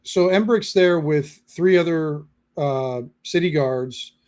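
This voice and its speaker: A man narrating as game master in a halting, casual way, full of fillers. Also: fairly high pitch, darkish tone. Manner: halting, lots of fillers and restarts.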